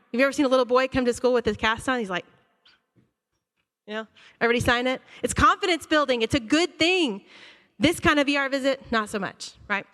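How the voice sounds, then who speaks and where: A woman school counselor giving an animated, conversational talk to a church audience, acting out her students' reactions. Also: on the high side. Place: church auditorium. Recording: long hall reverb.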